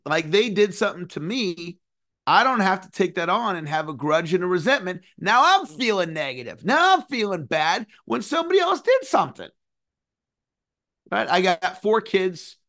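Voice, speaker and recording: Guy in his 40s, high-ish voice, earnest coach teaching a lesson, gets animated. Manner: earnest, animated, sings phrases. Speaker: success coach. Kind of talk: motivational teaching talk.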